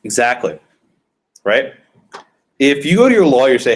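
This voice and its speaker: A man's voice: medium pitch, big pitch swings, fairly quick, long pauses. A male law professor giving a conversational classroom lecture and questioning his students.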